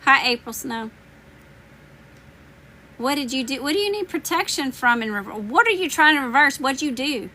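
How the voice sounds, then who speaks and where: A woman runs a live tarot reading and chats straight to her viewers, joking and slangy with a blunt edge. Her voice sits a touch high and rings bright and forceful. It is slightly worn, as she is losing it. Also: animated, moderate pace, pauses often. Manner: teasing, laughing, slangy and blunt. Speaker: tarot reader hosting a live stream. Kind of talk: casual livestream chat answering viewers.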